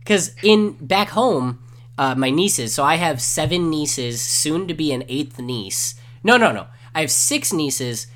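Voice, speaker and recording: Joking co-host, a man whose animated voice swoops around as he tells his stories. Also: medium pitch. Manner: joking and animated, acts out quoted lines. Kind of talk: casual chat.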